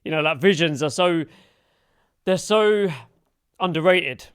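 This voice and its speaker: A man, hosting a podcast in a relaxed, rambling way. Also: on the high side, measured pace, clear, resonant tone. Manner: relaxed, rambling, many fillers and restarts. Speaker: podcast host. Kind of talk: casual podcast conversation.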